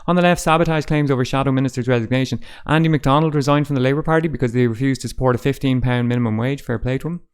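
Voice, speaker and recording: A man's voice: medium pitch, very fast, hardly any pauses, clean tone. A man hosting a casual roundup of newspaper front pages, with dry, sarcastic asides. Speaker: host.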